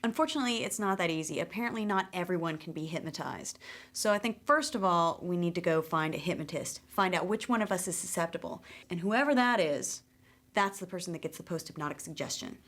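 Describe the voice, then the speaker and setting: A woman's voice: fairly low pitch, fairly quick, a bit bright. A woman co-hosting a TV science show, talking in an upbeat, matter-of-fact way. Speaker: co-host. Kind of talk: casual talk on a TV science show.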